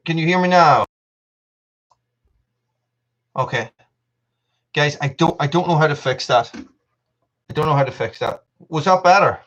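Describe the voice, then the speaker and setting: A man whose voice is a little high and fairly bright speaks at a moderate pace on a casual live stream from an upstairs room at home. Checking his camera mic and desk mic, he chats with viewers in a rambling, self-mocking way, laughing and restarting frequently. The recording is muffled.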